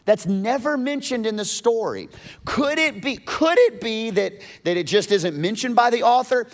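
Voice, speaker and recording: A male pastor preaching a sermon, animated and emphatic, often restarting his words. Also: extremely high pitch, normal speed.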